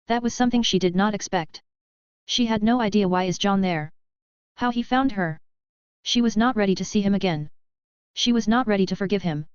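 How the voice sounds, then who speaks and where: A woman narrating a story in an even, steady reading voice. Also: mid-range voice, smooth, no room sound, dull audio. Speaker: audiobook narrator. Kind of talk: scripted narration.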